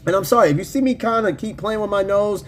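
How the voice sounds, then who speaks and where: Speaking quickly in a high voice, this male podcast host reads out live chat comments. His chat is casual, full of slang and swearing, and he often laughs and uses fillers.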